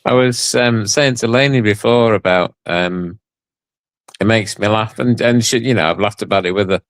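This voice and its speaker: A man's voice: fairly low pitch, normal speed, dry recording. A man chatting as a guest on a livestream, joking, teasing the host and laughing often. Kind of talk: casual chat on a livestream.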